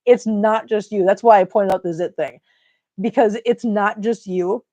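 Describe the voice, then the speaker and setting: A woman's voice: medium pitch, steady tone, moderate pace, warm tone, lo-fi sound. A middle-aged woman hosting a casual livestream, joking and chatting as she reads viewer comments aloud. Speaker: livestream host reading chat.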